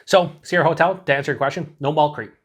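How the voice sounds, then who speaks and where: A man's voice: a little high, steady tone, fast talker, husky. A man casually reviewing a beer on his own channel, rambling and mocking himself, with some swearing.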